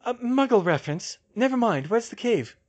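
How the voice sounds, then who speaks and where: A man's voice: very high-pitched, very animated, darkish tone, highs cut off, voice pushed up, exaggerated voice. A man putting on a clever, eager teen witch girl. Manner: breathless, eager, quick lecturing.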